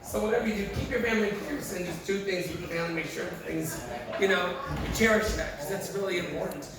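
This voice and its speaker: A man's voice: high voice, fast. A man doing stand-up comedy, telling candid, profane and emotional stories to a live audience. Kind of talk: stand-up storytelling. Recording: echoey room, far mic, crowd noise.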